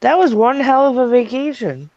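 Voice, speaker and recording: Gravelly woman on a dull, dry line. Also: fairly high pitch, expressive, normal speed, a crowd in the background. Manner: teasing, blunt interjections. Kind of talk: casual chat.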